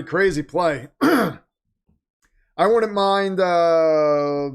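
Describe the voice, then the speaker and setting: A man's voice: on the high side, very slow, long pauses, clear, resonant tone. A man hosting a live game watch-party stream, chatting casually, joking and reading out donations. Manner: chatty, joking, reads donations aloud, mocks the team's managers. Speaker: livestream host.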